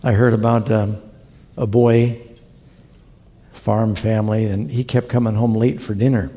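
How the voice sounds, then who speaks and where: A man's voice: on the low side, fairly even intonation, a little slow, dark tone, big-room sound. A man preaching a sermon, telling stories in an earnest, conversational way and quoting scripture. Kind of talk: sermon with storytelling.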